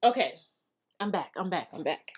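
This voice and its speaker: A woman's voice: on the low side, sing-song, moderate pace, breathy edge. A woman hosting a casual live stream, reading viewer comments and answering hair care questions in a chatty way with many fillers and frequent laughs.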